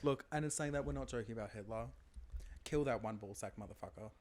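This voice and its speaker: A young man co-hosting a podcast in campy, excitable casual chat. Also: lowish voice, quick pace. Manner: campy, excitable, bursts into loud laughter. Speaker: podcast co-host.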